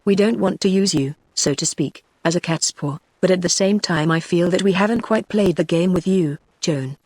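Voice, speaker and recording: Haughty scheming older sister, british accent, tts lady reading, flat synthetic read, dry. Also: on the low side, normal speed, dry recording, lightly acted. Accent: British English. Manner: evenly read, synthetic delivery. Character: haughty young woman, scheming elder sister.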